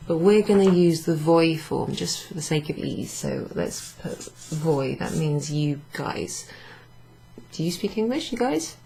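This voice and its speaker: A woman's voice: deep voice, gravelly, mellow, slight background noise, poor audio. A tired woman teaching a casual language lesson, explaining patiently while writing examples on a board. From Wales.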